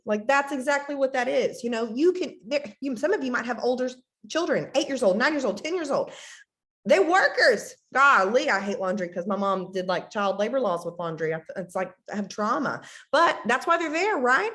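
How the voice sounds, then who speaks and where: A woman's voice: on the high side, a bit bright. A woman in her thirties giving an emphatic motivational talk to her team, repeating phrases and acting out quotes. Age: 30s. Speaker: team leader giving a team call.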